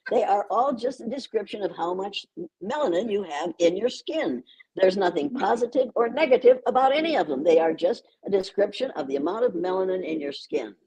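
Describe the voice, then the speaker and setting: An older American woman talks in an emphatic, insistent way, often repeating words to drive them home. Her voice is dark and mellow with a husky grain. She speaks as a guest in a conversational interview. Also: medium pitch, lively intonation, fairly quick, rough recording. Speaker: guest educator.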